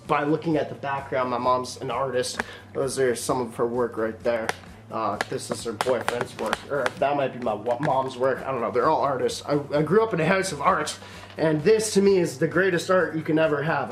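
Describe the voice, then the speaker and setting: A young man casually talking through an unboxing on his vlog, excitable and swearing, calling his viewers man and boys. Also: medium pitch. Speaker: YouTuber.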